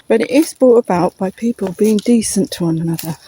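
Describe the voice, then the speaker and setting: Chatty woman, mellow voice, outdoor walk. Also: mid-range voice, brisk, a little hiss or hum, poor audio. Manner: chatty, frequent little laughs, talks to her dog. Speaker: vlogger. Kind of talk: rambling walk-and-talk monologue.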